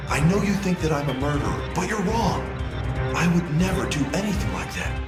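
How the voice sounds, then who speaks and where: A man's voice: fairly high pitch, brisk. Vincent, a stiff young man in an echoey game. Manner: flat, stiff line reading. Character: young man insisting he is innocent. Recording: echoey game audio with music.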